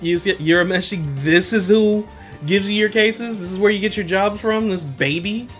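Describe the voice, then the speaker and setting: A man voicing a loud young male tough-guy friend who talks blunt and slangy. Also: on the high side, lively intonation, measured pace, soft background music.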